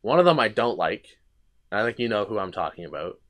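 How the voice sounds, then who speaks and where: A man's voice: lowish voice, sing-song, a little fast, fairly bright tone. A young man hosting a podcast, telling a long casual story with restarts, fillers and swearing. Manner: rambling anecdotes with frequent restarts and swearing. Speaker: podcast host.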